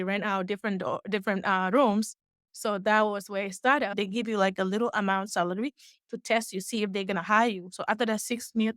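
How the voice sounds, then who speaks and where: A woman tells her own story as an interview guest. She acts out the quotes of the people in it and corrects her small slips as she goes. Her voice sits at a middle pitch, and the recording is dry with little room sound. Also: dry recording. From West Africa. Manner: animated retelling with acted-out quotes and quick self-corrections. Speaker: guest, real estate investor.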